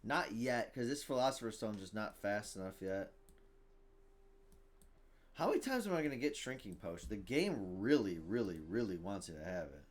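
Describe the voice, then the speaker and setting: A young man streaming a card game, casual and excitable, muttering to himself and then breaking into loud shouts. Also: fairly low pitch, normal speed. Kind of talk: casual gameplay commentary.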